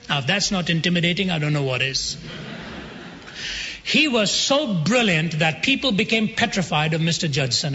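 A man preaching a sermon, telling a story with dramatic pauses and slowing down for emphasis. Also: high-pitched, sharp tone. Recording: dull sound with long hall reverb.

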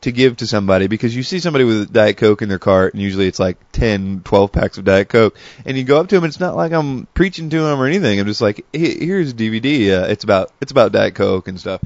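A man's voice: on the low side, dry recording. A man telling meandering stories in a casual, chatty monologue full of asides. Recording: dull lo-fi dry recording.

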